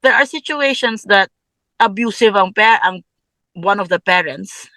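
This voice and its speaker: A woman's voice: mid-range voice, unhurried, sharp tone, dry recording, poor audio. Woman guest, laughing often. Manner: laughs often, mixes English and Tagalog. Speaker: podcast guest. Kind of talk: casual interview chat.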